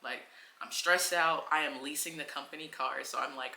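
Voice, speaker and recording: Chatty, bright-voiced woman telling a story. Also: deep voice, moderate pace, reverberant, slight background noise. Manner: chatty, animated, heavy filler words. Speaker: travel vlogger. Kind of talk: casual storytelling to camera.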